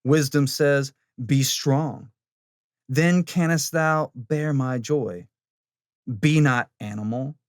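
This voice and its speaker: Man, audiobook reader, slow solemn pace, dry close sound. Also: medium pitch, no echo. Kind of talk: scripted reading of occult letters.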